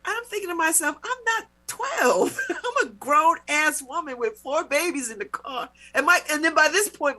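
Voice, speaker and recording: With a high voice, a middle-aged radio talk show host shares a personal anecdote. She's casual and lively, retelling parts of it with mock indignation.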